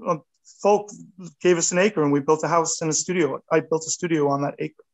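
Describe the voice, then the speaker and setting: A man in his fifties, an artist talking casually in an interview, animated and rambling, with a self-deprecating touch. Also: a little high, a little fast, poor audio. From United States. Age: 50s. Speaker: artist guest.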